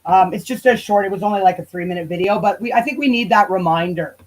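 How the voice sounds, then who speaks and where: A YouTube livestreamer with a medium-pitched voice and a quick pace rants casually, profanely and heatedly on her channel, sometimes drifting away from the mic. The recording is rough.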